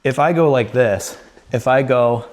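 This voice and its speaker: A man who is a dog trainer, teaching a new trainer in a relaxed conversational way and checking in often. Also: medium pitch, unhurried. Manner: conversational, repeats points, checks in with "right?". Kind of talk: hands-on training explanation.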